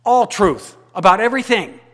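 A man preaching a sermon as pastor, swinging between loud emphatic declarations and quiet, intimate asides. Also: high voice, expressive, moderate pace. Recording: long hall reverb.

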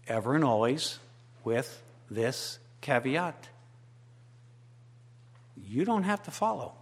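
A man preaching a sermon as pastor, swinging between loud emphatic declarations and quiet, intimate asides. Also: mid-range voice, big pitch swings, takes it slowly, slightly rough. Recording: long hall reverb.

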